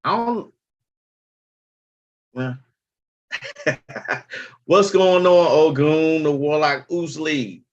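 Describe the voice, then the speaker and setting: A man's voice: a little high, extremely slow, pauses often, muffled recording. A man hosting a casual livestream, talking bluntly and chattily and swearing freely. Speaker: livestream host.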